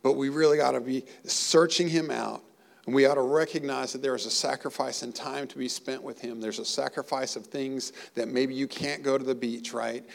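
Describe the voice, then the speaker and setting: Gravelly earnest male preacher. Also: medium pitch, fairly even intonation, moderate pace. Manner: earnest, emotional preaching with rising emphasis. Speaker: pastor. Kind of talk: sermon.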